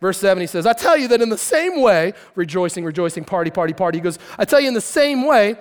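A man preaching a lively, conversational sermon and acting out characters with shouts and asides. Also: very high voice. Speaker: pastor. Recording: long hall reverb.

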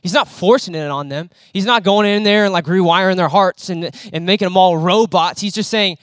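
A young man preaching a conversational sermon in a church hall, animated and acting out the quotes he tells. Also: sits high, fairly quick, few pauses, smooth, studio quality.

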